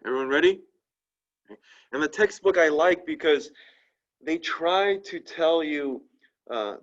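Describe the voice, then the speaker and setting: A French teacher with a fairly high voice, walking a class through notes in a patient, repetitive rhythm. He tags nearly every point with a questioning "right?" and says example words slowly and more than once. The recording sounds dull and lo-fi. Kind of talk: classroom lesson.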